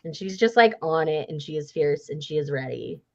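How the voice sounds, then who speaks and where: Woman host, lower voice, eager fan chat with quick character impressions, muffled lo-fi sound. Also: expressive, creaky, a little mellow. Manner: gushing, acts out characters' lines. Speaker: book club host. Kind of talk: casual chat. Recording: muffled lo-fi audio.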